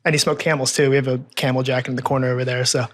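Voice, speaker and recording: A man's voice: medium pitch, little pitch movement, very fast, fairly bright tone. A man in his twenties, a guest in an in-person interview, chatty, easygoing and self-deprecating. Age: 20s. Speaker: interview guest, research analyst and columnist. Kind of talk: casual interview chat. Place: in-person recording at a table in a room.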